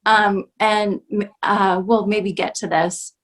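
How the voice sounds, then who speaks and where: Slow-speaking actress guest. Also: female voice, mid-range voice, fairly even intonation, fairly bright tone. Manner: measured, with hesitant fillers. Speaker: interview guest, actor. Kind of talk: reflective interview answer. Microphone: video call.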